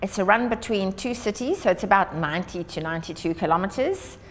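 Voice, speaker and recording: Woman, mid-pitch, earnest upbeat speech, reverberant hall. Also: lively intonation, a little fast, fairly bright tone, slight background noise. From South Africa. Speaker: Australia Day ambassador. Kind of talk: prepared public address.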